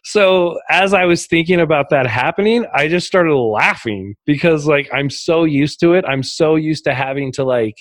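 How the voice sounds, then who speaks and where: Speaking at a moderate pace with few pauses, this fairly high-voiced man is a podcast guest spinning darkly humorous, meandering stories. He uses lots of fillers and restarts, and the audio has no room sound.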